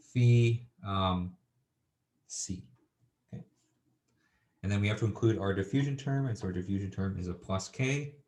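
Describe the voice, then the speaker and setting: A man's voice: fairly low pitch, a little mellow. A man giving a university engineering lecture, thinking aloud with lots of fillers and checking in with students.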